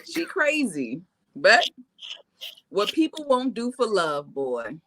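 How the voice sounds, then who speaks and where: A woman in her forties co-hosting a casual chat, telling stories in an animated way and acting out what people said. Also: medium pitch, slow. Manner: animated storyteller acting out quotes. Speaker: co-host. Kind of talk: casual chat recapping reality TV.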